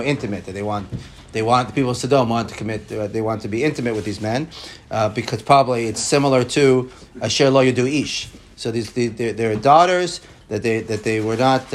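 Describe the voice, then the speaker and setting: A man teaching a Torah class, quoting Hebrew texts and explaining them in an animated, repetitive way. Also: mid-range voice. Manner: animated, repeats words, quotes Hebrew texts.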